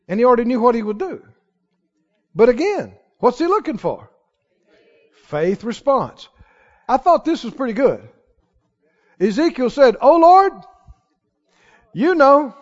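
A man preaching a sermon in a church, acting out the quoted voices of others and rising to shouts of conviction. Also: very high-pitched, a little slow, pauses often. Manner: animated, acts out quoted voices, rises to shouts. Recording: reverberant hall, dull lo-fi sound.

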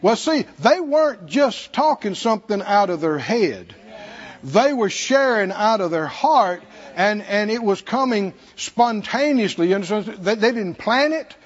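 Folksy Southern preacher, husky and lively. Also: male voice, high voice, unhurried, dull audio. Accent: Southern American. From American South. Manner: folksy, humorous, laughs between points. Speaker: pastor. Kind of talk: sermon. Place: church sanctuary.

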